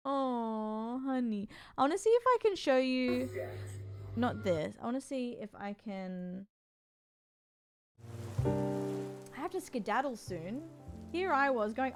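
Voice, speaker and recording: A woman talks slowly and gushes to her live-stream viewers in a casual, cooing way. Her voice sits on the higher side, and faint music plays underneath. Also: big pitch swings. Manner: gushing, cooing over cats, talking to chat.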